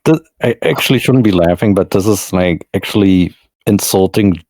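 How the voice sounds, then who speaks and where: A man's voice: low voice, moderate pace, dark tone, no echo. A man co-hosting a reaction chat, talking bluntly and scoffing at what he hears. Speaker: podcast co-host.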